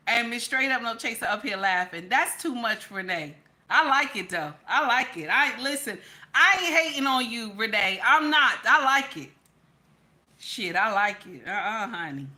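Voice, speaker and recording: Female stream host, chatty and animated, forceful bright tone. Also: mid-range voice. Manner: animated, repeats "okay?" constantly. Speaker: livestream host. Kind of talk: casual chat reading viewer comments.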